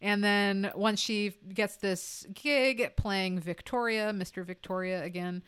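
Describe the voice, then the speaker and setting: A woman with a smooth, clear voice talks about a film on a podcast. She is enthusiastic, with plenty of fillers and quick asides. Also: mid-range voice, fairly even intonation, fairly bright tone. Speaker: podcast co-host. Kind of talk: casual film-review chat.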